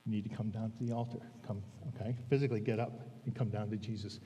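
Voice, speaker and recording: A man preaching a sermon in a conversational way, often checking in with the congregation and slowing down to stress key words. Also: lowish voice, level tone, dark tone. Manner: conversational, frequent "all right?" check-ins; slows down for emphasis. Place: church sanctuary. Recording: long reverb of a church hall.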